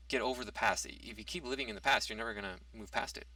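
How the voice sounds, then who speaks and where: A man's voice: fairly low pitch, brisk, bright, forceful tone, no room sound, far from the mic. A man in a casual opinion monologue, reading out topics and rebutting them, with hesitant restarts. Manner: argumentative, reads out a topic then rebuts it. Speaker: commentary vlogger.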